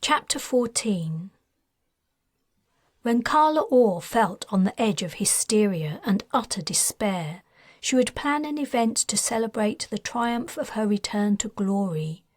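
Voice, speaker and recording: A woman, the author, reading her science fiction audiobook in a measured, even manner. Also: mid-range voice, no echo, clean studio sound. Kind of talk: scripted audiobook narration.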